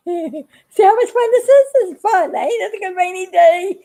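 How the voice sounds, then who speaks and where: A woman's voice: extremely high pitch, mellow. An older woman chatting in a casual, folksy how-to vlog, giggling often and rambling a bit between steps. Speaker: craft video maker.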